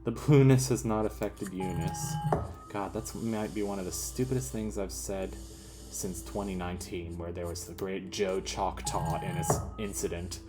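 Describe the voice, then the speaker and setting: A man's voice: sits low, steady tone, unhurried. A man giving casual, rambling game commentary with self-mocking, offbeat jokes. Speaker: gaming commentator. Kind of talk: casual let's play commentary. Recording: game music playing behind.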